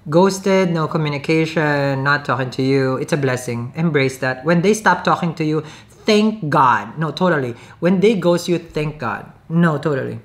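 A woman's voice: low-pitched, animated, normal speed. A woman giving a casual tarot reading to camera, chatty, often checking in with "okay?" and laughing. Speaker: tarot reader.

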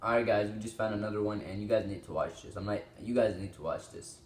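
Teen male reaction host, exclaims and rambles, low-ish voice in a roomy space. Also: steady tone, fast talker, heavy background noise. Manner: rambling, exclaiming, swearing often. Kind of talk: casual reaction commentary. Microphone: small desktop microphone.

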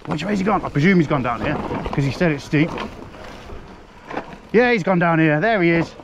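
Riding a wooded hill trail outdoors, this mountain biker gives excited commentary on his helmet cam, laughing and exclaiming in breathless bursts. He sounds slightly high, animated and a little fast, through muffled audio full of wind and trail noise.

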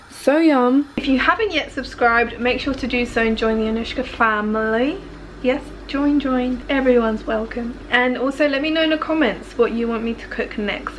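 Bubbly woman vlogging her cooking. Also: a little high. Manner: bubbly, chatty, rambling asides. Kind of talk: casual cooking vlog chat. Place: home kitchen. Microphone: handheld phone camera. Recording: noisy home kitchen recording.

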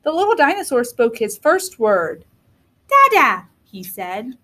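A woman kindergarten teacher reading a storybook aloud to young children. Her voice is high and animated. She makes the telling expressive. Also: measured pace.

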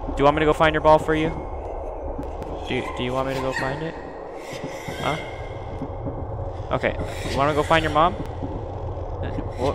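A young man doing let's play commentary on a horror game, chattering nervously and breaking into loud, panicked yelps. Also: fairly high pitch, steady tone, moderate pace, long pauses, heavy background noise. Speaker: gaming YouTuber. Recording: game music loud behind the voice.

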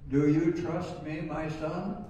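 A man in his nineties voicing God from the sky, with solemn, calm commands. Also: fairly high pitch, slow pace, muffled recording, a little hiss or hum. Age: 90s. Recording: echoey hall, voice from far off.

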